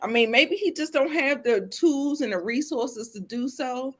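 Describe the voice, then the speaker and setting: Chatty woman co-host, fairly high. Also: a little slow, fairly bright tone. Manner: chatty, many "like" fillers. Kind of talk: casual TV recap chat.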